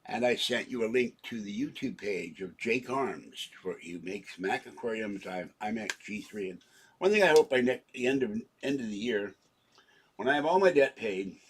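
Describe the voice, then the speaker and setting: A man's voice: fairly low pitch, husky. A man in his seventies rambling through a home vlog, joking and interrupting himself as he goes. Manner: rambling, jokey, self-interrupting. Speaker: channel owner.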